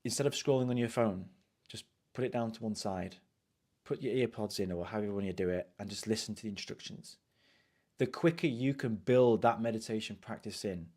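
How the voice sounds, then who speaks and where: A man with a British accent giving a casual live coaching talk, conversational and repetitive, often saying "you know". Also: fairly low pitch. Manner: conversational, repeats phrases, frequent "you know".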